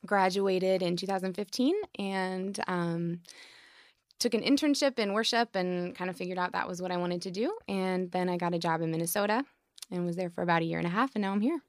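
A woman in her twenties from Colorado, a worship leader speaking as a podcast guest in a relaxed, measured way. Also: lowish voice, dry recording, studio quality. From Colorado, USA. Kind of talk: casual interview.

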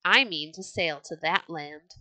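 A woman's voice: sits low, a little slow, pushed and bright, dry recording, poor audio. A woman voicing a bold, hot-tempered red-bearded Viking chieftain in a storybook reading, with a hearty, declaiming manner. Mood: excited.

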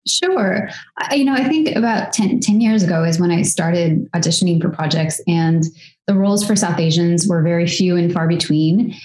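A woman's voice: lowish voice, normal speed, a little mellow. A woman in her thirties, an actress guest in a casual interview, talking in a reflective, chatty way with many fillers. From United States. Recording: echoey room.

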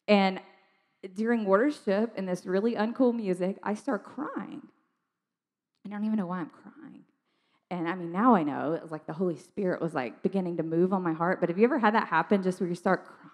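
Woman telling her story in a hall. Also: medium pitch. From South Georgia, USA. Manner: chatty, animated storytelling with frequent "like" and laughs. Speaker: speaker sharing testimony. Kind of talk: personal testimony talk. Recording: long hall reverb.

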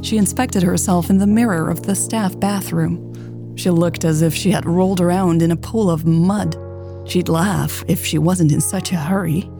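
A woman narrating a romance story in a calm, gentle and intimate reading. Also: on the low side, normal speed, over music.

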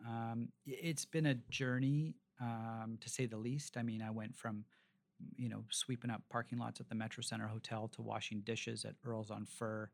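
A man's voice: mid-range voice, flat delivery, moderate pace, gravelly. A man in his forties, a restaurateur from Canada, telling long rambling stories in a casual interview, with plenty of fillers and restarts. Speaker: restaurateur guest.

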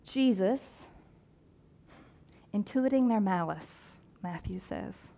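A woman pastor delivers a sermon in a relaxed, conversational way. Her voice sits at a middling pitch, and she animates the story with quick asides and playful voices for the people in it. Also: vocal fry.

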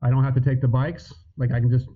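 A man's voice: medium pitch, flat delivery, quick pace. A man as a podcast guest, loose and hesitant, swearing casually. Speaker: guest, motocross media personality. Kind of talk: casual chat. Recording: phone-like remote line.

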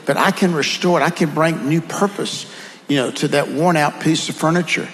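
A man's voice: fairly high pitch, normal speed, big-room sound, rough recording. A man with a Southern accent, telling earnest, folksy stories as a guest in a conversation. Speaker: guest speaker. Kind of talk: conversational storytelling.

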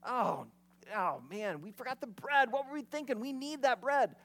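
A preacher voicing worried male disciples who fret that they forgot the bread, dropping lower and softer. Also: animated, normal speed. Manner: anxious, fretting.

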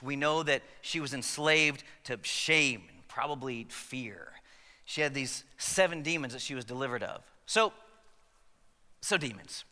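A man's voice: a little high, pushed and bright, in a large hall. A man preaching a sermon in a conversational way, with joking asides to the congregation. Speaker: pastor.

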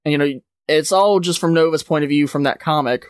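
A man's voice: a little high, a little fast, smooth, dry recording, clean studio sound. A man hosting a podcast, casually retelling a comic's plot with plenty of "like" and "uh" fillers. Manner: rambling retelling, many "like" and "uh" fillers. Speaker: podcast host. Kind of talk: casual comic book recap.

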